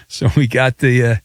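A man's voice: mid-range voice, dry recording, studio quality. A male radio host bantering playfully with callers on a joking sports talk show.

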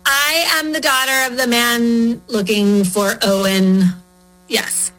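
A woman actress being interviewed on radio, talking in a relaxed, loose way. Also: on the high side, slow, faint music behind, poor audio. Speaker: actress guest. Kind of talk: casual interview chat.

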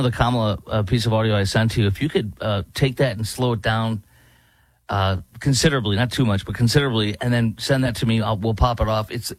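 A man's voice: lowish voice, dry recording. A man hosting a political talk show, sarcastic and rambling with many restarts. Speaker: host.

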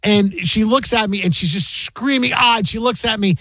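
A middle-aged man hosting sports radio, animated and storytelling, acting out the voices he quotes. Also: high voice, normal speed, no room sound. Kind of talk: casual sports talk.

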